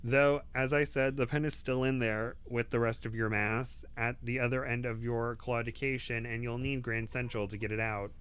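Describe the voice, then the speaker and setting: A man's voice: medium pitch, level tone, moderate pace, few pauses, fairly bright tone, clear, resonant tone, close to an everyday voice. A man voicing Carl, a grown male wizard with a Brooklyn accent who talks dry and offhand. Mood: reassuring. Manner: dry, offhand and matter-of-fact.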